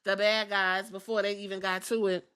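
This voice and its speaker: A woman's voice: mid-range voice, level tone, normal speed, a bit bright, clean tone. A woman hosting a podcast, recapping in slangy, profane, gossipy storytelling. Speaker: podcast host reviewing wrestling. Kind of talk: casual recap.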